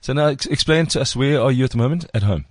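A man's voice: medium pitch, quick pace. A man with a Cape Town South African accent, hosting a podcast in casual chat, laughing often and slipping into put-on voices. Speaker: podcast host.

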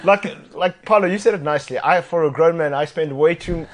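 A man co-hosting a sports podcast, with a voice a little higher than usual for a man. He jokes at his own expense and talks in an expressive, lively way. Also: a little fast. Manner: expressive, self-mocking. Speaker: podcast co-host. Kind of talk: casual chat.

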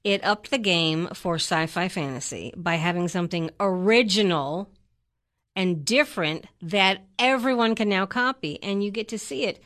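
A woman's voice: medium pitch, moderate pace, a bit bright. Matter-of-fact, middle-aged woman chatting. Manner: matter-of-fact, insistent, dry remarks. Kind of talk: casual chat.

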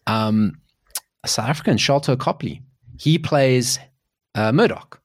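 A man in his forties co-hosts a casual podcast, telling stories with excitable energy. His pitch swings widely and he often restarts mid-sentence. The sound is dry and close. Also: slow pace, no echo. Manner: animated storyteller, jumps in pitch, restarts often. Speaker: podcast co-host. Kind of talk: casual chat.

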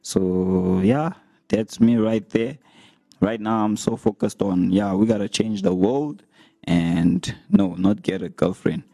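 A young man talking casually to his viewers as a vlogger, retelling comments with animated, laughing delivery. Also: on the low side, takes it slowly, vocal fry, dry recording. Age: young adult. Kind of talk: casual storytelling to camera.

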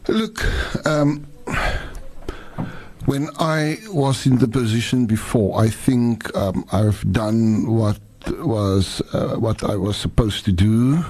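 A man's voice: fairly low pitch, a little mellow. A middle-aged man with a Cape Town Afrikaans-influenced English accent, answering radio interview questions earnestly, often restarting his words. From South Africa. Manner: halting, repeats words, earnest. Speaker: mayor-elect guest.

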